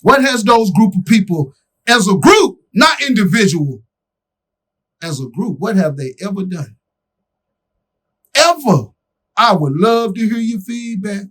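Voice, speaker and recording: A man co-hosting a podcast, speaking in an impassioned, preaching way, full of slang, swinging between loud calls and quiet asides. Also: high voice, expressive, measured pace, long pauses. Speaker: podcast co-host.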